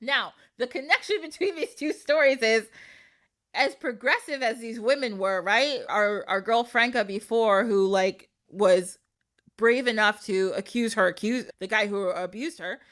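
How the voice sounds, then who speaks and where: Young female podcast host, animated casual storyteller, salty language, slightly high pitch. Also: unhurried. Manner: animated, swears freely, acts out quotes.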